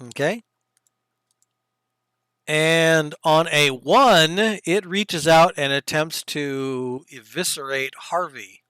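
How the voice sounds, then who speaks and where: Smooth-voiced man running a tabletop game. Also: a little high, dry recording, clean studio sound. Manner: casual, quick asides while running the game software. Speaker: game master. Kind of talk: narrating a tabletop game over voice chat.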